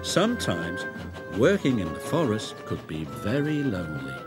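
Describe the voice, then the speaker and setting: A man narrating a children's train story in an expressive, deliberate way. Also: fairly low pitch. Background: loud background music.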